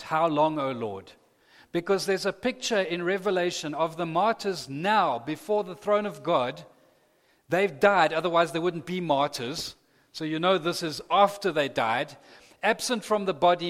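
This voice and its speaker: Man preaching, earnest, kinda high voice, gets fired up, long echo like a big church hall. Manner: earnest, builds to impassioned emphasis. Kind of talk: sermon. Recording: long reverb of a large hall.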